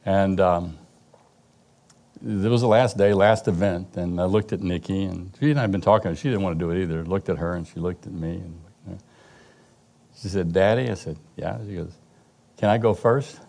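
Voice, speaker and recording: Middle-aged guy sharing his testimony, low mellow voice, halting and restarting as he tells it. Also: gravelly. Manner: storytelling, halting restarts, occasional laughs. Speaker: father giving a testimony. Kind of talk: personal testimony story.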